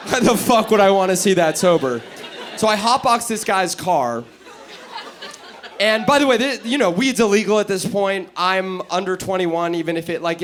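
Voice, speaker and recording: On a comedy club stage, a New York City man does brash, profane crowd work, teasing the audience. His voice sits high with a fairly bright tone, and the live recording is noisy.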